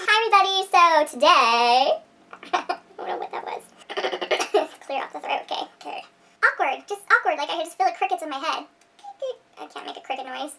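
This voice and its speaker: A woman's voice: sits high, expressive, brisk, vocal fry, bright, forceful tone, distant mic. A woman vlogger rambling in home outtakes, giggling and poking fun at herself, a little off-mic at home. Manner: giggly, rambling, self-deprecating. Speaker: beauty vlogger. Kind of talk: rambling outtake chatter to camera. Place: room at home.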